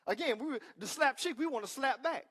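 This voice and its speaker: A male pastor preaching a sermon with emphatic call-and-response asides, swinging between loud declarations and quiet remarks. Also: very high voice, expressive, fairly quick, husky.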